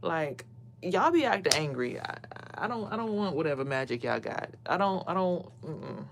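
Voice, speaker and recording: A woman's voice: low-pitched, moderate pace, vocal fry, noisy background. A woman venting casually to camera as a spiritual reader, blunt and profane. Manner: blunt, swears a lot, animated quoting of others.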